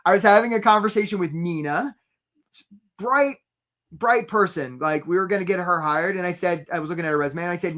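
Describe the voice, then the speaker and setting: A man coaching job seekers in a live webinar, chatty and lively, telling stories and greeting viewers from the chat by name. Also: high-pitched, fairly quick. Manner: tells stories to make his points.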